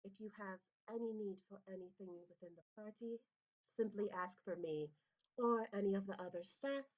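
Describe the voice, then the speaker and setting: A woman's voice: mid-range voice, muffled recording, lightly acted. A woman voicing a formal, courteous cat-person steward at a masked party. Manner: courteous, measured, stiffly formal.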